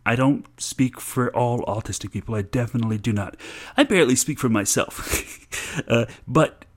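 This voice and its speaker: A man from Florida half-raps in loose rhymes, then drifts into relaxed, rambling talk. His sentences trail off and restart, with small laughs between thoughts. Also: mid-range voice, moderate pace. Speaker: contributor rapping about his day. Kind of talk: casual rap and chat.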